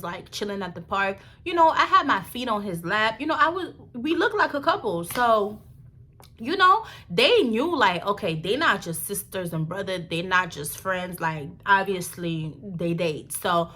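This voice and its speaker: A young woman vlogger telling a story in a casual, slangy, animated way, full of swearing and sudden high-pitched quoted voices. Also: normal speed.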